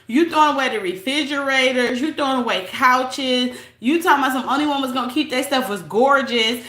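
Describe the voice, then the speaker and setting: A woman chats bluntly with her live-stream viewers in a bright, forceful voice pitched a little high. She talks straight to the audience in an easy, casual flow. The sound carries a noticeable room echo. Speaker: livestream host reading chat. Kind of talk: casual live-stream chat and gossip commentary.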